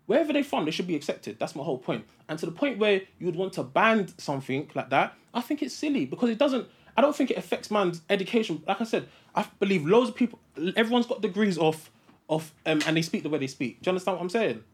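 A high, lively man's voice, pushing his point hard in a podcast debate. He talks quickly and insistently and keeps cutting in over the others. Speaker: podcast co-host. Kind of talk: heated casual debate.

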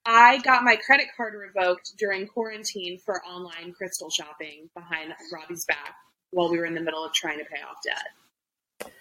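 Bright-voiced chatty woman podcast host. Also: lowish voice, steady tone, normal speed, low-quality recording. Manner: chatty, lots of fillers and restarts. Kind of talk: casual chat.

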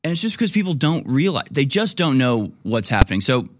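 A man's voice: mid-range voice, very animated, brisk, no echo, clean studio sound. A man hosting a talk radio show, rambling in a casual monologue and now and then acting out other people.

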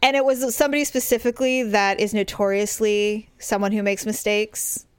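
A middle-aged woman co-hosting a show, telling stories in casual chat, candid and animated with blunt swearing. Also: medium pitch, normal speed, clean tone, no echo. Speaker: podcast co-host.

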